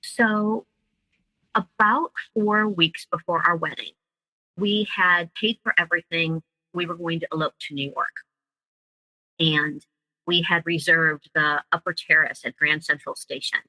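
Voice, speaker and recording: A woman's voice: fairly low pitch, fairly even intonation, a little slow, sharp tone, dry recording, rough recording. A woman guest telling her own story in an interview, emotional and vivid, acting out the words of others as she recounts them. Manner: emotional storytelling, acts out quoted dialogue. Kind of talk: personal account in an interview.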